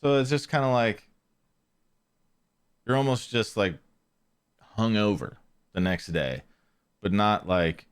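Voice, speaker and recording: A man with a lowish, smooth and clear voice tells a story on his podcast in an easygoing, meandering way. He stops to correct himself often, and his voice sinks soft and low at the ends of thoughts. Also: slow pace, long pauses. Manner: rambling, self-correcting, trails off quietly. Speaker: podcast host. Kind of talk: casual storytelling.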